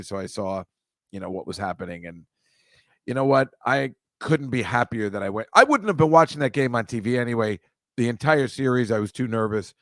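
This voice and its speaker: A man's voice: on the low side, creaky, dry recording. A man hosting a live stream, chatting casually with viewers and rambling through a story, cutting himself off and adding joking asides. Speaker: host reading viewer comments.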